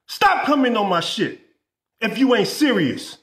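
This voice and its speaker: High-voiced profane man ranting. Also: big pitch swings, measured pace, a bit bright, reverberant. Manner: profane, repetitive, exasperated ranting. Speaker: business coach. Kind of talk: ranting vlog.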